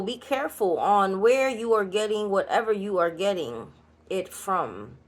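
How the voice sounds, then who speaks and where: A woman with a New York Puerto Rican accent giving a channeled card reading, chatty and blunt, with laughing asides. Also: mid-range voice. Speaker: spiritual card reader. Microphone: solo creator recording.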